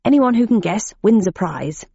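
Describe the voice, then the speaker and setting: A woman's voice: mid-range voice, animated, normal speed, gravelly, mellow, breathy edge, no room sound. A woman voicing a youthful male captain giving a recruitment talk, earnest and tangled in his own words. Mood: cheerful. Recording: dull muffled audiobook recording.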